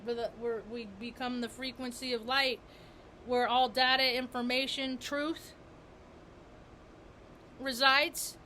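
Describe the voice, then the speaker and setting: A woman's voice: high voice, level tone, slow pace, long pauses, pushed and bright, a little hiss or hum. A woman vlogger talking in a rambling spiritual monologue, repeating and restarting her words with emphasis.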